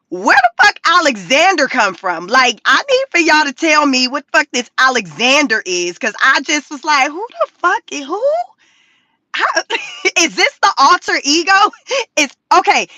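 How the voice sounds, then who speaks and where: A woman talking casually on a livestream, profane and animated, laughing often. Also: high voice, dry recording. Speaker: YouTube commentary creator.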